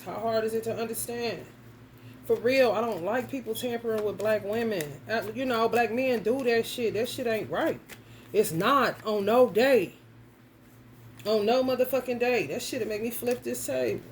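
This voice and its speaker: A woman's voice: a little high, normal speed, a little hiss or hum. A woman giving a casual tarot reading, ranting bluntly and profanely straight at the viewer. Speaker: tarot reader.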